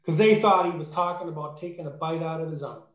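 A man's voice: a little high, quick pace, a bit bright. A man preaching a sermon in an emphatic way, rising to fervent peaks. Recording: echoey room.

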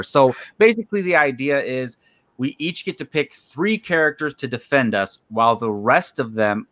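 A man's voice: medium pitch, fairly bright tone. A young man hosting a casual podcast chat, enthusiastic and laid-back as he leads the segments. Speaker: podcast host.

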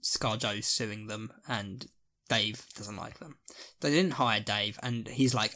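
Here a man co-hosts a podcast at a moderate pace, his mid-range voice slightly bright. The talk is a loose, animated chat, peppered with swearing and his impressions of characters' lines.

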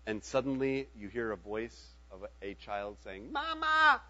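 A man's voice: on the low side, normal speed, highs cut off. A middle-aged man preaching a sermon in a conversational way, often checking in with his listeners. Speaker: pastor.

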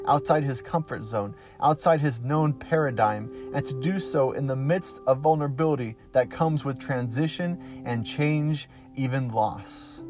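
A man preaches a devotional podcast sermon in an earnest, emphatic way, pausing to let lines land. His voice sits at an ordinary middle pitch. Soft guitar plays faintly beneath him. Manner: slow, earnest, emphatic with pauses.

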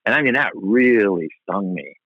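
A man with a low voice tells his own story as an interview guest. He speaks earnestly, often restarting and repeating words. The audio is dry and a little dull. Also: animated, moderate pace, no echo. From United States. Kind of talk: personal testimony in conversation.

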